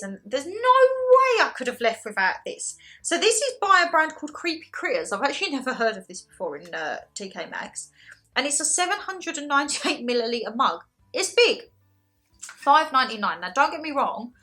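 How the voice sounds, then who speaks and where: Bubbly high-voiced woman vlogger. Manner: animated, laughs often, self-deprecating. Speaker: haul vlogger. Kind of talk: casual chatty haul video.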